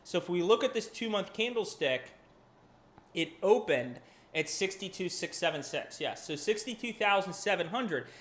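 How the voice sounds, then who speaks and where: A fairly high-voiced man hosting a live market stream. He talks in a loose, chatty way, swears casually and keeps apologizing while he jumps between charts. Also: expressive, normal speed, a bit bright. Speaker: crypto livestream host.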